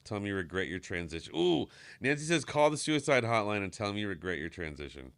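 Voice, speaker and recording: A man's voice: on the low side, very animated, quick pace, fairly bright tone, clear, resonant tone, no echo, studio quality. A man hosting a live stream, chatting casually, reading viewer comments aloud and swearing offhand. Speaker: stream host.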